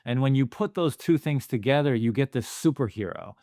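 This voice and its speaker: A man's voice: medium pitch, expressive, a little fast, dark tone, no room sound, clean studio sound. A man co-hosting a movie podcast, talking earnestly and thinking aloud with plenty of fillers. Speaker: podcast co-host. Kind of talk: casual movie discussion.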